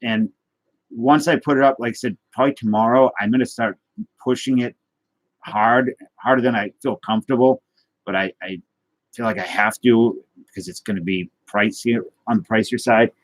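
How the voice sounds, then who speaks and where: A man's voice: medium pitch, moderate pace, dry recording. A man hosting a livestream, chatting casually and rambling as he answers viewer comments with self-deprecating jokes. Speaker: livestream host of a trading card and guitar show.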